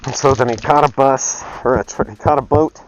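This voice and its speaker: A man's voice: medium pitch, a little fast, lo-fi sound, background noise. A man telling a long joke in a loose, casual way, full of fillers and self-corrections, while he paints. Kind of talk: rambling casual storytelling.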